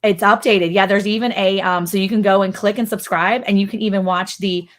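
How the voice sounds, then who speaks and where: A woman hosting a casual livestream chat, excited and chatty, with lots of fillers. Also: mid-range voice, a little fast. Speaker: livestream host.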